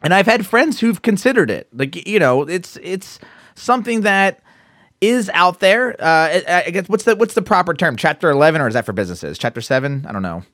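Podcast co-host, man, New Jersey accent, talkative and loose, slightly high, dry recording. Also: animated, fairly quick, a bit bright, no room sound. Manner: chatty, laughs while telling stories. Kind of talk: casual podcast chat.

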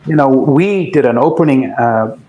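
A man in his sixties from Canada, a guest musician recalling stories in a relaxed, reflective way with frequent restarts. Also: medium pitch, moderate pace, dull audio. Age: 60s. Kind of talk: casual interview chat.

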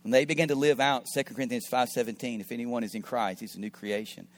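A middle-aged man, a pastor, telling a story in an earnest sermon, often repeating his words and dropping into soft asides. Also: mid-range voice, steady tone, fast talker. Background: faint guitar music.

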